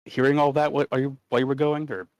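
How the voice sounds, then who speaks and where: A man's voice: medium pitch, little pitch movement, very fast, darkish tone, no echo. A man co-hosting a livestream in casual chat, rambling and reading chat messages aloud. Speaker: stream co-host.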